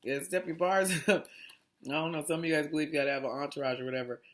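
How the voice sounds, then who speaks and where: A woman's voice: low-pitched, fairly even intonation, quick pace. A woman hosting a casual mindfulness talk, reading aloud in a chatty, digressive way and often restarting her lines. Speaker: host.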